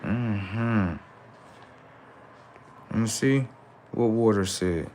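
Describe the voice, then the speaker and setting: A man's voice: drawn-out words, slight background noise. Man ranting on a livestream. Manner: preachy, confrontational, slangy, talks back to chat; swings between loud outbursts and low mutters. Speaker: livestream host. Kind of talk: casual livestream rant.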